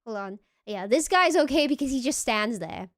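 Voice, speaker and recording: A woman streamer chats casually over a video she is watching, dropping in giggly comments and asides. Her voice sits a little higher than most women's. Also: expressive, moderate pace, fairly bright tone. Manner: chatty, giggly interjections. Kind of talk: casual reaction chat.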